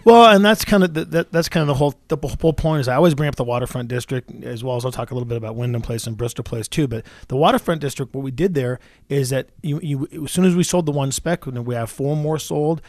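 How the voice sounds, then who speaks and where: A man in his forties hosting a radio talk show as a real estate agent, talking quickly with many restarts and repeated words. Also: mid-range voice, dry recording, clean studio sound. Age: 40s.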